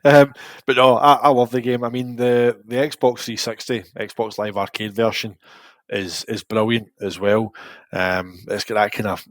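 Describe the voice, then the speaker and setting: A Glaswegian man in his forties, a podcast co-host telling lively, rambling stories in casual chat. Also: medium pitch, measured pace, dry recording. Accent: Scottish, Glasgow. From Scotland. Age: 40s. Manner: lively, rambling anecdotal storytelling.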